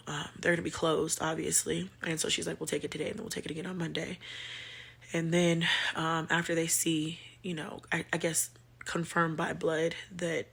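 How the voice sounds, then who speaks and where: A woman vlogger telling a personal story to her viewers, halting with many pauses and fillers, shaken and emotional. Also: low-pitched, creaky, slightly rough.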